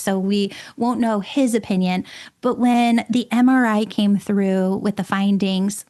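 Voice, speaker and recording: Woman, middle-aged, mid-pitched, excitable, emphatic, personal storytelling. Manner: emphatic, excitable, repeats words. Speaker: podcast host and medium.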